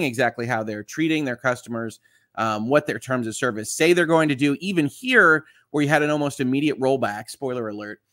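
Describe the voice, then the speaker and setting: A man's voice: medium pitch, fairly bright tone, no echo, studio quality. A man who is a lawyer, hosting a casual live stream and reading viewer comments aloud in a chatty way, with lots of fillers. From Southeast Michigan.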